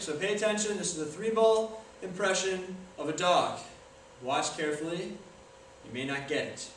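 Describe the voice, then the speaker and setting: A young man talks casually and jokes at his own expense while filming himself. His voice sits fairly high, and the room rings with strong echo, caught by a camera mic some distance away with a faint hiss. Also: fairly bright tone. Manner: joking, self-deprecating, chatty. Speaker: video maker. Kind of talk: casual self-filmed tutorial talk. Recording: echoey room from far off, faint noise.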